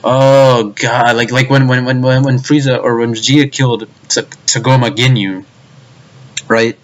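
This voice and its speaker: A man's voice: mid-range voice, steady tone, moderate pace. A young man ranting in a video review, exasperated and profane, often stumbling over his words and restarting. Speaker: anime reviewer.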